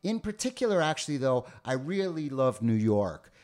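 A man's voice: on the high side, big pitch swings, moderate pace, darkish tone. A man from the United States co-hosting a podcast, talking casually with many fillers and restarts. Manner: rambling, full of fillers and restarts. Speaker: podcast co-host. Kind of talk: casual bilingual podcast chat.

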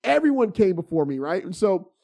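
A man's voice: high-pitched, brisk, creaky. A middle-aged man telling stories in casual chat, swearing freely and restarting his sentences with repeated words. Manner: profane, animated, many stammered restarts.

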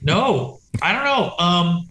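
Pitched high and very animated, he talks slowly in a pushed, bright voice over slight background noise and a roomy echo. The speaker is an American punk musician on tour, casually telling rambling, foul-mouthed stories and acting out the voices of others.

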